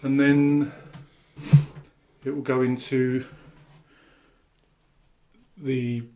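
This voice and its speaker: Man, home brewer, casual how-to chat, dark mellow tone, indoor shed. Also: mid-range voice, extremely slow, low-quality recording. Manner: relaxed, chatty, asks tag questions. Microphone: camera mic, held by a helper.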